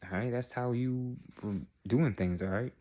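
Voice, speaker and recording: A man's voice: medium pitch, normal speed, dark tone. A man vlogging in a casual, rambling way, repeating phrases and checking in with the viewer. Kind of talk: casual talk to camera.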